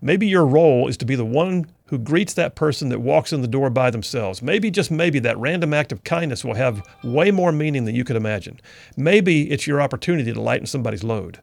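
A middle-aged man hosting a talk radio show, with a gravelly, fry-tinged voice. He tells a story in an earnest, folksy way that leans preacher-like, recorded close and dry. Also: mid-range voice, animated, fairly quick, no room sound. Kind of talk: storytelling commentary.

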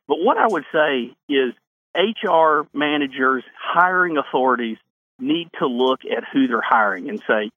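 A man's voice: medium pitch, animated, moderate pace. A man, a state lawmaker calling into a radio talk show, speaking emphatically and answering his own rhetorical questions. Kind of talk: radio call-in interview. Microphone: phone. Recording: phone line into a radio show.

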